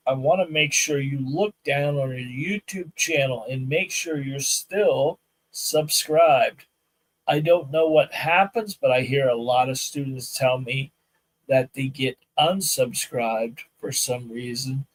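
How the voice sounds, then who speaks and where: A man hosting a live podcast as a firearms instructor, chatting casually with viewers and telling animated stories where he acts out both sides of conversations. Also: medium pitch, a little slow, low-quality recording. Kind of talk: casual live-stream chat. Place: outdoor shooting range.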